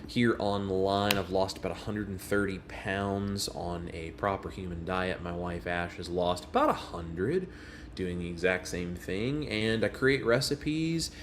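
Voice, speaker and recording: A man's voice: sits low, unhurried. A man hosts a casual livestream. He greets his viewers one by one in a friendly, easygoing way. Faint noise sits behind his voice. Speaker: livestream host.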